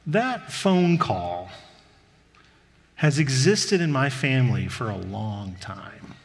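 A man preaching a sermon as pastor, telling stories in a relaxed, conversational way. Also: fairly high pitch, long reverb tail. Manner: conversational storytelling.

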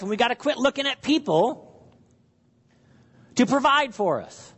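A man's voice: very high voice, very animated, normal speed, long pauses, a bit bright, slightly rough, long reverb tail. A man preaching an earnest sermon, acting out worried questions and prayers to his listeners. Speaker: pastor.

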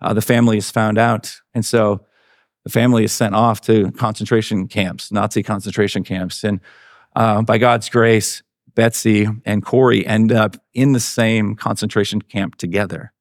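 A man's voice: lowish voice, steady tone, normal speed, no room sound, clean studio sound. A male pastor giving a sermon in an earnest, conversational way.

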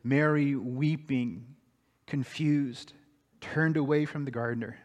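A man preaching a sermon, telling a story dramatically and swinging between hushed, slow passages and raised, excited ones. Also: mid-range voice, long reverb tail. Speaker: pastor.

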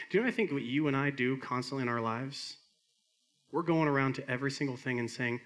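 A middle-aged man delivers a sermon to his church in an earnest pastor's voice. His pitch sits in the middle range. He climbs to emphatic high points and then falls back to quiet, soft lines. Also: fast.

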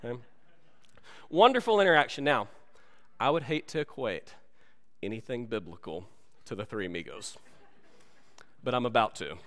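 A man preaching a sermon, telling stories in an animated way and acting out movie lines for his congregation. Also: mid-range voice, moderate pace, pauses often, in a large hall. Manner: animated storytelling, acts out movie dialogue. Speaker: pastor. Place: church sanctuary.

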